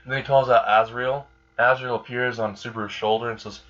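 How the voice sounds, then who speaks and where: Brief: casual male storyteller, loose and rambling, average pitch, dull lo-fi sound. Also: fairly even intonation, brisk, fairly bright tone. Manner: rambling, casual, filler-heavy. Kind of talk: improvised fan story narration.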